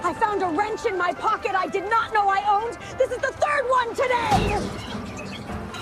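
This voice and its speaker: A woman voicing a frazzled female water park worker who yells in a flustered way. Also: very high voice, unhurried, over loud music.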